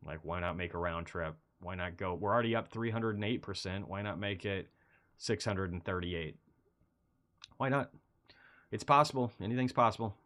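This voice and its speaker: With a deep voice at a moderate pace, a man hosts a laid-back market stream, chatting his way through charts. Though he's under the weather and low-energy, he breaks into animated bursts of excitement amid the rambling.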